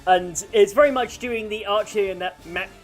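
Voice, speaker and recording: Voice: mid-range voice, normal speed, over music. A game master narrating a tabletop role-playing game over a voice call, describing scenes loosely and laughing often.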